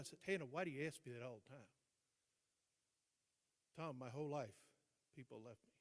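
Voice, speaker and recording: Older male speaker, mid-pitched voice, storytelling to an audience, reverberant hall. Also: normal speed, pauses often. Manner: storytelling, acting out dialogue, dropping to quiet emphasis. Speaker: guest speaker. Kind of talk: motivational storytelling speech. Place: large hall.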